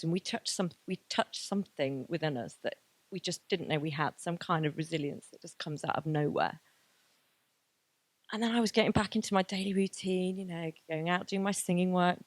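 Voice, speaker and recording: Woman in her thirties, low voice, candid and emotional, dry close sound. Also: no echo. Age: 30s. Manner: candid, emotional, many fillers. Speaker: graduation speaker. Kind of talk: personal testimony talk.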